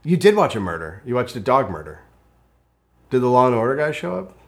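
A middle-aged man co-hosting a casual comedy chat, tossing out deadpan absurd jokes. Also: mid-range voice, a little fast, vocal fry. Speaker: podcast co-host.

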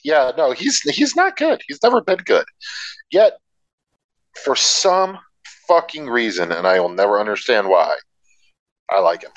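Man, podcast co-host, lively swooping pitch, dry close sound, sarcastic asides. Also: measured pace, pauses often, dry recording, dull audio. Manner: animated storyteller, sarcastic asides. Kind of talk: casual film discussion.

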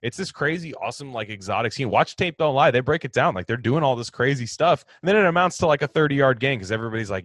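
Ranting sports fan man, low voice. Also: fast, few pauses, dry recording, clean studio sound. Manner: animated, ranting, swings between loud outbursts and low mutters. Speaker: sports podcast host answering fan questions. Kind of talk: casual sports chat.

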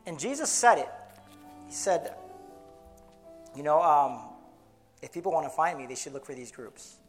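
Man, pastor, sermon, earnest, restarts, slightly high voice, soft music underneath. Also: sing-song. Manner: earnest, with many restarts, slowing to stress key words.

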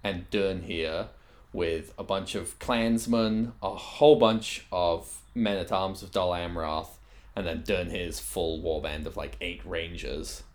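A man co-hosting a podcast, talking casually about a tabletop game in a relaxed way. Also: sits low, slow. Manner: relaxed listener, short reactions. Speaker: podcast co-host.

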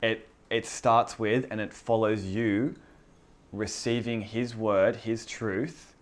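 A man with a fairly low voice gives an informal sermon to a small group. He talks earnestly and conversationally, restarting phrases and repeating key words as he goes. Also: steady tone, slow. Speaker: pastor.

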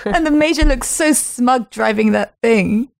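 A woman's voice: fairly high pitch, a little slow, creaky, no room sound. A woman co-hosting a casual film discussion, agreeable and chiming in often. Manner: agreeable, many small affirmations. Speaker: podcast co-host.

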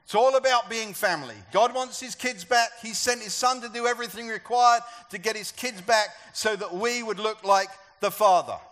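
A man's voice: high-pitched, moderate pace, few pauses, a bit bright. A man preaching a sermon to a church gathering, talking conversationally and asking the congregation questions. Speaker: pastor.

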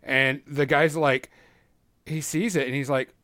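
A man's voice: on the high side, steady tone, a little slow, bright, forceful tone, no echo, studio quality. A man co-hosting a podcast, chatting casually and swearing as he tells game stories full of quoted dialogue. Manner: swearing, storytelling with acted-out quotes. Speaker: podcast co-host. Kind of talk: casual chat.

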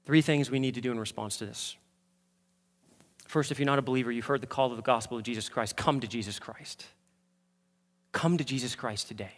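A man preaching a sermon as pastor, moving from quiet asides to fervent, impassioned peaks. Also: mid-range voice, brisk, long pauses, in a large hall. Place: church sanctuary.

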